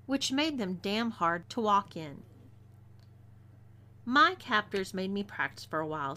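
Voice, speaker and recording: Bright-voiced Texan woman reading a story. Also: mid-range voice. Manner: twangy, expressive reading. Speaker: story narrator.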